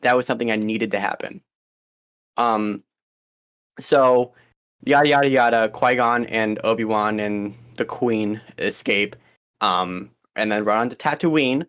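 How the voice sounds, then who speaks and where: A young man co-hosting a podcast in loose, casual chat. He rambles through his ideas with plenty of ums and restarts. His voice sits in an ordinary middle pitch. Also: fairly bright tone. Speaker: podcast co-host.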